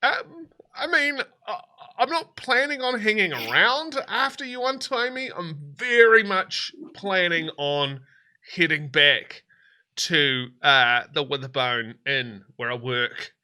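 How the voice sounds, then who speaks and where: A man doing a timid young captive woman who stammers and trips over her polite pleas. The voice sits high and swings all over, with a bright edge. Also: lively intonation, slow pace, heavily acted. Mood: flustered.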